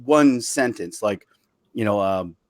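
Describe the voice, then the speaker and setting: A man hosting a casual podcast chat, explaining at length about doing impressions, his pitch swinging up and down for emphasis. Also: expressive, slow pace, dry recording.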